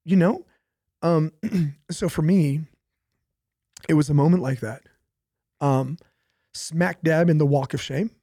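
A man's voice: on the high side, slow, pauses often, dark tone, husky, no echo, clean studio sound. A young man, a pastor, talking casually about faith, telling stories animatedly with laughs and repetition.

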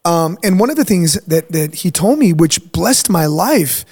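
Emphatic high-voiced pastor host. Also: male voice, animated, measured pace, a little mellow, husky. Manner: emphatic, preachy, leans on "right?". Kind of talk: casual chat.

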